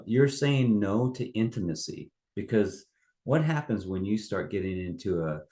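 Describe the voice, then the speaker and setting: Low-voiced man, rambling coaching talk. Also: darkish tone. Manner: loose and rambling, many fillers and restarts. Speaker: life coach. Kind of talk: casual monologue.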